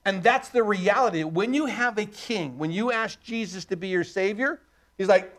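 A man's voice: high voice, normal speed, fairly bright tone. A middle-aged male pastor preaching a sermon, emphatic, asking rhetorical questions and answering them himself.

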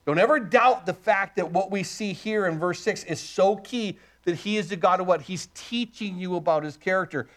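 A man with a high voice delivers a sermon, reading scripture verses aloud. He keeps putting rhetorical questions to the congregation, rising to loud emphasis and dropping low and quiet. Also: normal speed. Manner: emphatic preaching, asks the crowd rhetorical questions, swings loud and soft. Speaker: pastor.

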